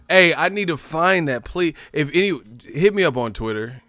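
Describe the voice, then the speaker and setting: Animated man telling a boxing story. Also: mid-range voice, normal speed, few pauses, dry recording. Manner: animated storytelling, acts out quotes, laughs often. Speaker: boxing commentary host. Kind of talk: casual boxing talk.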